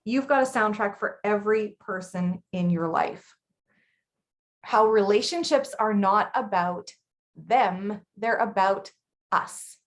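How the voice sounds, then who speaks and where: A woman in her thirties co-hosting a casual chat, blunt and chatty with quick laughs. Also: mid-range voice. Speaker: podcast co-host.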